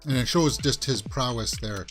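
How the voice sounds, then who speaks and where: A man's voice: mid-range voice, normal speed, fairly bright tone, soft background music. A man hosting a movie talk show, casually reacting to a film trailer in a loose, rambling way full of fillers and restarts.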